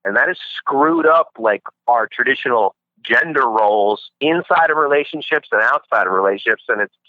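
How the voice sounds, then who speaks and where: A man calling into a podcast as a guest, telling dating-show stories in a casual, animated way. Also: mid-range voice, normal speed, no room sound. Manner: storytelling, animated retelling. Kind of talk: casual chat by phone. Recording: dull lo-fi call-in line.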